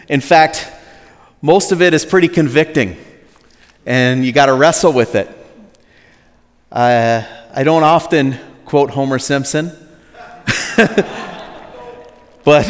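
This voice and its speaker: A pastor preaching a sermon in a relaxed, conversational way, joking with the congregation and acting out quotes in a higher voice. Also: male voice, a little slow, long pauses. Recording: long reverb of a large hall.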